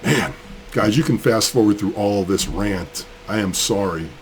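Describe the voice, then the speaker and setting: A crypto mining channel host, sick with a cold, rants in a casual vlog while building a mining rig. His voice is fairly low and measured in pace, though he's angry, fired up, and rambling, with a little hiss or hum in the background.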